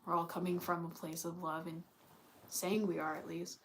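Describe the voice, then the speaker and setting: Young adult woman, lower register, rambling conversational vlogger who swears casually. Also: little pitch movement, normal speed, slight background noise. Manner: rambling, heavy use of "like", swears, sighs. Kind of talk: casual storytelling vlog.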